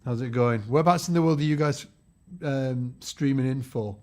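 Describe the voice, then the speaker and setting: A man hosting a live-stream bass lesson, chatty and upbeat, greeting viewers by name. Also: moderate pace, a little mellow. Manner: chatty and upbeat, reads out viewer names, frequent fillers and restarts.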